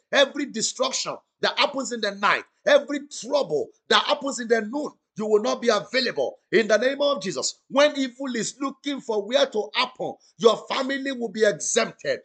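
Fervent high-voiced preacher, chanting. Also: male voice, a bit bright, slightly rough. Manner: fervent, repetitive, chanting, speaks in tongues; commanding calls for audience response. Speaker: pastor. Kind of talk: prophetic prayer on an online broadcast.

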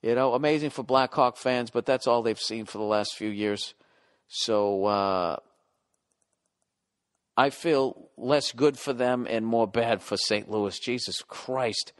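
A man's voice: mid-range voice, a little slow, smooth. A middle-aged man ranting casually and profanely as a podcast host, sounding exasperated.

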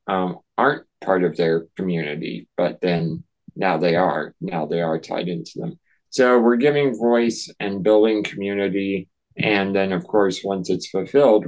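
Slow, low-voiced man with many fillers. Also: lo-fi sound. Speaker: podcast guest, nonprofit founder. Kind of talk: casual interview talk.

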